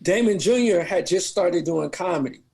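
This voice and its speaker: A man from New Orleans, a comedian guest telling profane stories in animated, laughing casual chat. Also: sits high, normal speed, vocal fry, husky. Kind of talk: casual storytelling.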